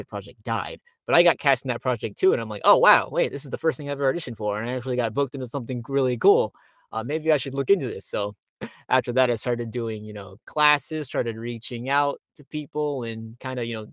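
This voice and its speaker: A man's voice: mid-range voice, a bit bright, no room sound. A young man from Miami chats casually as an interview guest. He talks about his voice acting work, leans on fillers like "like" and "you know", and laughs often. The sound is dry and close, with no room in it. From Miami, Florida. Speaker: voice actor guest.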